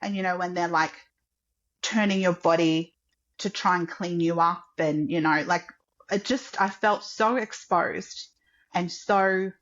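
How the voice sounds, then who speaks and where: A woman's voice: fairly low pitch, steady tone, measured pace, fairly bright tone, muffled recording. A woman guest on a podcast, casually telling a personal story in a chatty way, full of "like" and acting out what others said. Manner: chatty, acts out quotes, many "like" fillers.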